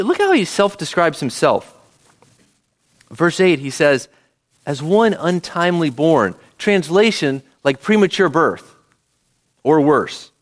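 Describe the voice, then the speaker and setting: Male pastor, higher voice, animated delivery, chatty sermon to his congregation. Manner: lively, conversational, asks the congregation questions.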